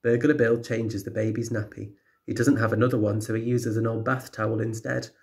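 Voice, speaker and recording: A male teacher reads a children's picture book aloud. His voice sits at a middling pitch, and he tells the story in a steady, clear way. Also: a little fast.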